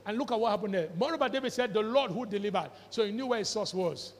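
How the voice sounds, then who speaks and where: A male pastor preaching a sermon with fervour, shouting out scripture and quizzing his listeners. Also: high voice, lively intonation, fast talker, hardly any pauses, big-room sound. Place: church hall.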